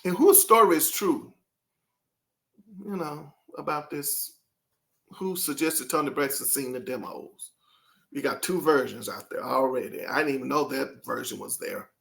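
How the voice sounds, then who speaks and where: A man's voice: medium pitch, a little slow, vocal fry, fairly bright tone. A man hosting his own channel, talking casually and rambling to his viewers, throwing out rhetorical questions. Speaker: channel host.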